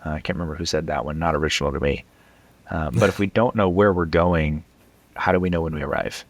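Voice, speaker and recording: A man with a deep voice talks as a financial coach guest. He sounds earnest and emphatic, regularly checking in with tag questions, and the recording is close and dry. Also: quick pace, dry recording. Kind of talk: casual conversation.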